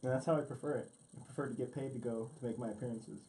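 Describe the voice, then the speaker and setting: A man's voice: mid-range voice, steady tone, racing, mellow. A man co-hosting a podcast, joking in a laid-back way and laughing often, at a studio mic. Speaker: podcast co-host. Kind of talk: casual podcast chat.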